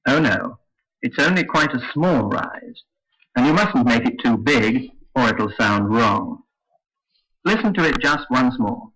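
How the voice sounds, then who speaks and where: A man teaching English intonation in a slow, careful, scripted lesson. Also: medium pitch, lively intonation, fairly bright tone, poor audio. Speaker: phonetics teacher. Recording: old lesson recording.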